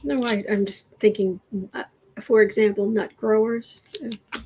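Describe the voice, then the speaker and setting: This livestream host and tarot reader has a mid-range, dark-toned voice with fairly even intonation and a measured pace. She reacts to the news between readings in a casual, musing way, with trailing thoughts, sardonic asides, and occasional whispered moments. The low-quality recording carries a little hiss or hum.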